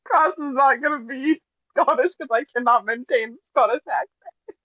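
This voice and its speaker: A woman's voice: sits high, moderate pace, dry recording, highs cut off. A woman playing in a tabletop game, chatting casually and giggling. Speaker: player.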